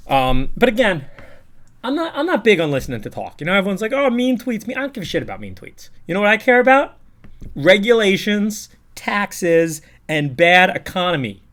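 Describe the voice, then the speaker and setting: A man's voice: sits high, fairly bright tone. A man, ranting bluntly and profanely during a livestream, often rambling and repeating words. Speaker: streamer.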